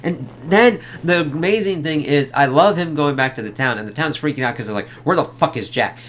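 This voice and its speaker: A man's voice: on the high side, lively intonation, fairly quick, fairly bright tone, a little hiss or hum. A man giving a casual, rambling film review, swearing freely and leaning on filler words.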